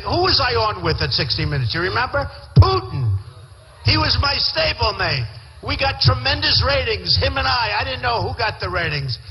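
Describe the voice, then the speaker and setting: A man's voice: high-pitched, bright, forceful tone. A man giving a campaign rally speech as a presidential candidate. His talk is boastful, rambling and repetitive, delivered into a podium microphone in a large indoor venue. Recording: large hall reverb, faint crowd noise.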